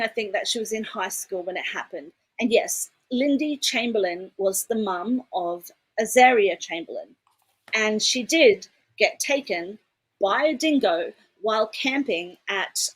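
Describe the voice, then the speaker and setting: A woman's voice: mid-range voice, measured pace, husky, low-quality recording. A woman from Detroit co-hosting a casual livestream chat, chatty and laughing often, with casual swearing. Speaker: co-host.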